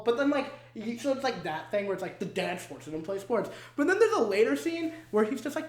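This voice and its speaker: A young man co-hosting a podcast, telling a movie plot in animated casual chat, swearing often and acting out the scenes. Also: high-pitched, quick pace, hardly any pauses. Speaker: podcast co-host. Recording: echoey room.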